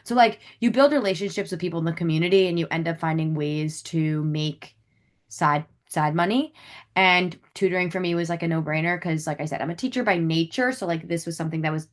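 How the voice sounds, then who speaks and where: A young woman from New York, a guest in a webinar, chatting casually about teaching abroad with lots of "like". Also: fairly low pitch. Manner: chatty, heavy use of "like".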